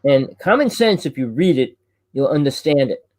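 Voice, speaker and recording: A man from New Jersey with a New Jersey accent, hosting a casual chat, talking loud and fast and rambling with restarts. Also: mid-range voice, lively intonation, dry recording. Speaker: host.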